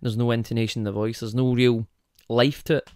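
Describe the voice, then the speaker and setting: A man's voice: medium pitch, flat delivery, brisk, a little mellow, no echo. Rambling male podcast host, dry sound. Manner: rambling, goes off on tangents, asks rhetorical questions. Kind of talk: casual monologue.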